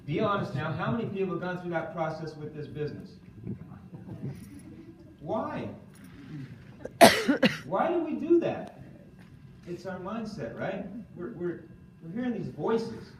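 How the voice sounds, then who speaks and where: A man giving an animated motivational training talk to a live audience, often quizzing them and asking "okay?". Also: high voice, measured pace, long pauses, a little hiss or hum. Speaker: seminar speaker. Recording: echoey room from far off.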